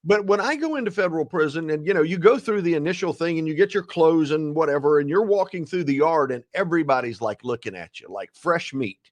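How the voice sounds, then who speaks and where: A man in his sixties, a guest telling a story in a lively, dramatic way and acting out the quotes. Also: fairly high pitch, fast, few pauses. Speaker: guest, ethics speaker. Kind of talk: animated storytelling.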